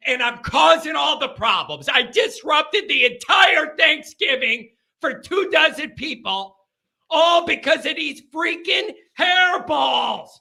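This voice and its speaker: A man with a very high, piercingly bright voice tells a rambling story on a live call-in show. He swings from low mutters to near-shouts and is loose and profane. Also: gravelly. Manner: profane, rambling with many fillers. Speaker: host telling a story.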